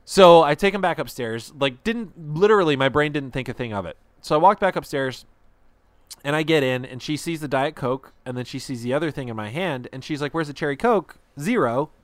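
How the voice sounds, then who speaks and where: A man's voice: mid-range voice, brisk, no echo. A young man telling a story in a casual podcast chat, rambling and self-deprecating with lots of fillers.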